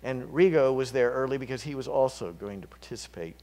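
A man preaching a sermon, casual and chatty, dropping to whispers and climbing to loud, fervent peaks. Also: medium pitch, expressive, brisk. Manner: conversational, with fillers and slips.

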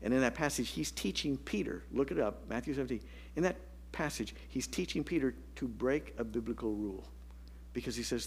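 A man's voice: medium pitch, lively intonation, normal speed, creaky, husky. A man preaching a sermon as pastor, telling stories and dropping to a whisper for emphasis. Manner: storytelling, dynamic, drops to a whisper for emphasis.

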